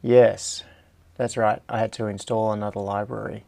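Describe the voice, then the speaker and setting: A man's voice: fairly low pitch, flat delivery, moderate pace, vocal fry, warm tone. A middle-aged Australian man with a slight American tinge, hosting a casual livestream and thinking aloud as he works in his home workshop. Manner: rambling, self-mocking, talks to himself while tinkering. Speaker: host.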